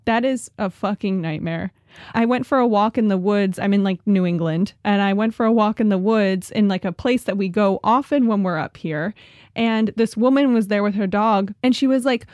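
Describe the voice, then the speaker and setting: A woman's voice: medium pitch, moderate pace, a little mellow, dry recording, clean studio sound. A woman co-hosting a casual podcast chat, dramatic and prone to swearing. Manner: dramatic, swears, shrieks when retelling. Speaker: podcast co-host. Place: New England woods trip, indoors.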